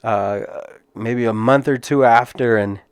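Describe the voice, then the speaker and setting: A man's voice: medium pitch, measured pace, clear, resonant tone, no room sound, studio quality. Earnest man telling a fight story. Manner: earnest, casual, many restarts and repeated words. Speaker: podcast host and MMA fighter. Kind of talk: personal storytelling.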